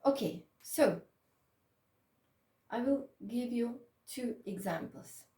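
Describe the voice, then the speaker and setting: A woman with a non-native accent teaches English grammar slowly and patiently, stopping often to check that she is understood. Her voice sits fairly high with a mellow tone. She is recorded from a distance in an echoey room. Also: expressive. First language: Macedonian. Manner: slow, patient, repeats "okay?" to check understanding. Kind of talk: online grammar lesson.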